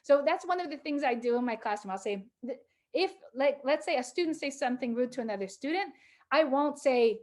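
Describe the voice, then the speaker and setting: A middle-aged woman teacher talking calmly to a group of teachers, measured, with pauses and fillers. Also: sits high.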